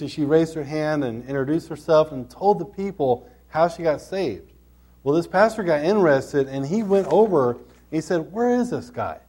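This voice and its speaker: A man preaching a sermon with an urgent, storytelling delivery. His voice sits a little high for a man, yet its tone is mellow and warm rather than bright. He drives his points home by repeating short refrains.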